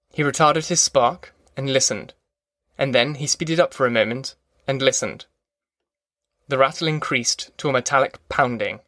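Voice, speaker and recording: Male audiobook narrator, measured reading, mid pitch, dry close recording. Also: fairly bright tone, dry recording. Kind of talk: scripted narration.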